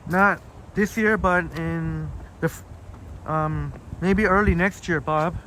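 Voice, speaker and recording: A man's voice: fairly high pitch, fairly even intonation, slow, a bit bright, rough recording. A Canadian man live-streaming on his phone while walking park trails, chatting casually and reading out viewer comments with many fillers. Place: outdoor nature trails in a park. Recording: outdoor noise behind voice.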